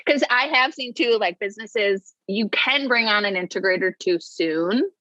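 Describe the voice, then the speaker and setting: A woman's voice: mid-range voice, moderate pace, pushed and bright, no echo, dull audio. A woman in a casual business chat, explaining her work in a chatty way, laughing often. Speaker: business integrator, co-host.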